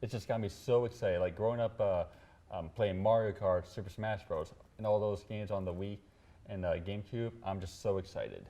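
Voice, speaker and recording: Low mellow-voiced guy on a panel, lots of um and like, hesitant. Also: normal speed. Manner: hesitant, heavy with fillers. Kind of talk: casual panel chat.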